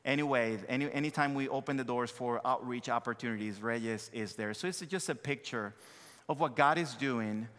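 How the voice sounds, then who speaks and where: A male pastor with a thick Dominican Spanish accent, sharing church news and then praying before his sermon, earnest and halting with frequent fillers. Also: medium pitch, a bit bright. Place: church sanctuary. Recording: long hall reverb.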